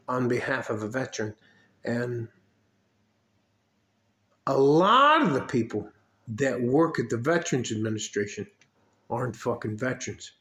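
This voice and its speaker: Older man, upset, heated rant, repetitive swearing, echoey room. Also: medium pitch. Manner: heated, swearing, repeats himself. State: getting upset. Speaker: video blogger. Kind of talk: angry personal rant.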